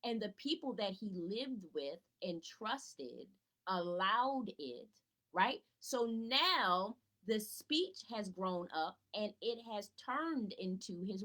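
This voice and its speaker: With a mid-range voice and sharp tone, a woman tutor gives parents a casual live teaching talk from her home. This educator is chatty and laid-back, greeting viewers by name and fielding her own rhetorical questions. The recording is low quality.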